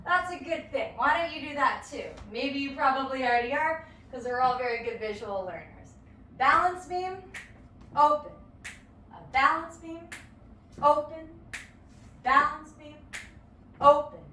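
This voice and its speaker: A woman's voice: high-pitched, a little slow, pauses often, sharp tone, distant mic, a little hiss or hum. A woman teaching a live-streamed dance lesson, counting beats aloud in a playful, encouraging way. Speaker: dance instructor. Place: home or studio room. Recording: echoey room, voice from afar.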